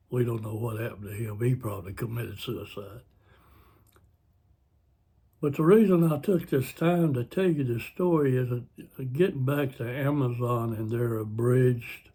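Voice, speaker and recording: A man's voice: medium pitch, warm tone, slightly rough. A man retelling a film plot in a rambling, self-correcting way. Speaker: vlogger. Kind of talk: casual storytelling.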